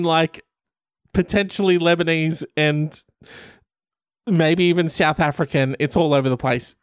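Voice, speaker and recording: A man doing comic commentary while reading an article aloud, animated and profane. His voice is smooth and a bit high for a man. The recording is dry and close. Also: unhurried, pauses often, no room sound.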